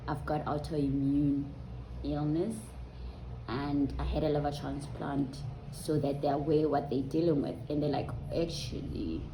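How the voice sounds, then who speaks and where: A woman, telling a personal story to her viewers in a conversational, unhurried way with soft ums. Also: deep voice, a little hiss or hum. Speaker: vlogger. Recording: roomy echo.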